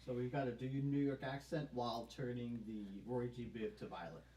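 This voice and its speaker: Co-host reading chat aloud, mellow and dark tone, halting with lots of fillers, heard from off-mic. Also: mid-range voice, fairly even intonation. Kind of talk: casual live-stream chat. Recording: distant roomy mic with faint hiss.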